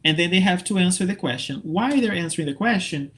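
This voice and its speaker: A man's voice: high-pitched, quick pace. Upbeat man giving a teacher training talk. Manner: lively, upbeat, checks in with frequent okay and right.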